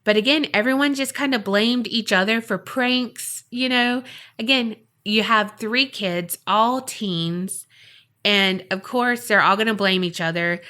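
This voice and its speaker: A woman podcast host tells a spooky story in a relaxed, conversational way. She builds suspense with dramatic pauses and loose, chatty asides. Her voice sits at a middling pitch. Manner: chatty, dramatic, filler-heavy. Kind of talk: casual storytelling.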